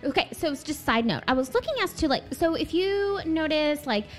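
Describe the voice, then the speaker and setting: Young woman, podcast co-host, high lively voice, faint music behind. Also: brisk. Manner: chatty, animated, lots of fillers. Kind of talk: casual chat.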